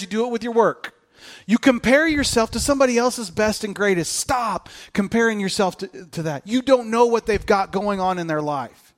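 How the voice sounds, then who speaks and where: A man in his thirties, a pastor, delivering a conversational sermon full of stories and emphatic repetition. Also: high-pitched. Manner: conversational storytelling with rising excitement and emphatic repetition.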